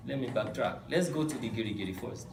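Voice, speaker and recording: A man teaching a Yoruba class, quizzing his students in an animated way and swooping up on key words. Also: medium pitch, fast talker. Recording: echoey room, distant mic, faint music.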